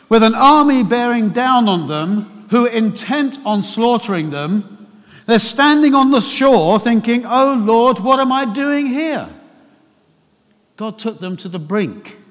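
A man preaching a sermon to his church, telling a personal story with animated, emphatic questions. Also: high-pitched. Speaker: pastor. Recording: long hall reverb.

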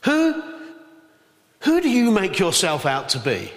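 A preacher doing an indignant, incredulous challenger. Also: male voice, high voice, sing-song, moderate pace, fairly bright tone. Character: indignant crowd of men challenging a teacher. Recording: reverberant hall.

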